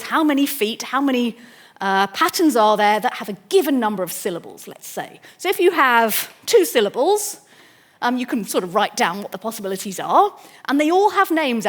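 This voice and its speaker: Woman lecturer, slightly high voice, eager and explanatory, restarts sentences as she goes. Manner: enthusiastic, explanatory, with frequent restarts. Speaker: mathematics lecturer. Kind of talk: public lecture.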